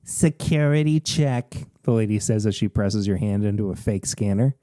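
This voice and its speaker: A man hosting a podcast, reading a gamebook aloud in a lively, expressive way. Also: on the low side, a little fast, dry recording. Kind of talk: animated story reading.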